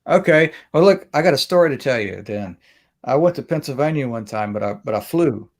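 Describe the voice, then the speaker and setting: A man's voice: medium pitch, expressive, a little fast. Rambling man telling a story. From Mississippi. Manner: rambling, self-interrupting, laughs at his own story. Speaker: host. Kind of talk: casual storytelling chat. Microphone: webcam or phone on video call.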